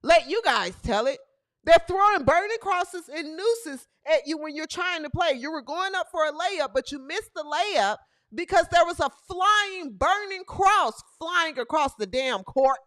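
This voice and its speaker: Brief: woman comic host, very high and bright voice, swooping, sarcastic sports rant. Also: expressive, a little slow, no echo, clean studio sound. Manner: sarcastic, mocking, repeats lines for effect. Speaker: comedian and show host. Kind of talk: comedic sports commentary rant.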